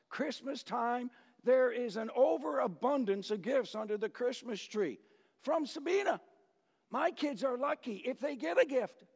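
A man preaching a sermon as pastor, talking to the congregation in a conversational, animated way and acting out quotes. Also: very high voice, gravelly, husky. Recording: echoey hall, dull lo-fi sound.

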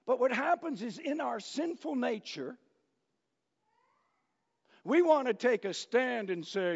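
A man preaching a sermon as pastor, talking to the congregation in a conversational, animated way and acting out quotes. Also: very high voice, a little slow, long pauses, husky. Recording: echoey hall, dull lo-fi sound.

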